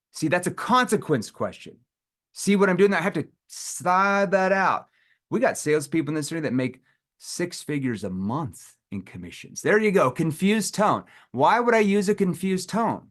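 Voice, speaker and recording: A man leading a live sales training seminar, animated and demonstrating questions in a challenging tone. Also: high-pitched, moderate pace.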